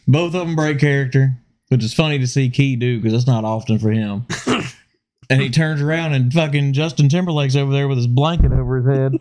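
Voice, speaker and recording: A man's voice: medium pitch, a little mellow. Profane laughing podcast man. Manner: profane storytelling, laughs often. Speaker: podcast host. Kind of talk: casual chat. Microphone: podcast microphone.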